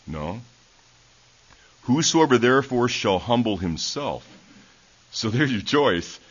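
A man's voice: medium pitch, animated, slow pace, slightly rough. A man who is a preacher and schoolteacher, giving a sermon in a folksy storytelling way, with many fillers and restarts, heard in a church. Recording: dull lo-fi recording.

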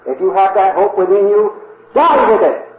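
A man's voice: sits high, expressive, normal speed. A man preaching an earnest sermon, repeatedly calling his listeners "dear friends" and rising to emphatic peaks. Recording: tinny phone-like band, roomy echo, faint hiss.

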